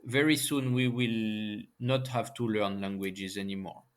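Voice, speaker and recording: A man from France with a French accent, speaking English as a second language, talking casually as an interview guest and pausing often to find his words. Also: fairly low pitch, fairly even intonation. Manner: halting, searching for English words. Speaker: guest scientist and author.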